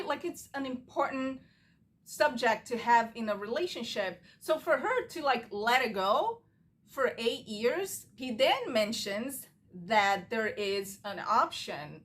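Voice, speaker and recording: A woman's voice: on the high side, fairly bright tone. A woman giving a casual, opinionated TV recap, talking straight to camera and acting out quotes with animation. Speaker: TV recap vlogger.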